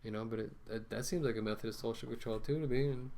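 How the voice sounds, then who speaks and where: A man's voice: mid-range voice, steady tone, fast, a little mellow, a little hiss or hum. A man ranting casually to camera as a vlogger, rambling with many fillers and restarts, talking through a mask.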